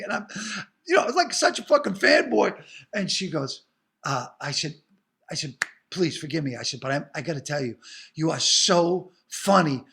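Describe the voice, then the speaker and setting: A man's voice: a little high, vocal fry, bright, forceful tone. An older man with a Boston accent, an actor and comedian telling profane, rambling stories with lots of restarts in an interview. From Boston area. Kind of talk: animated storytelling in an interview.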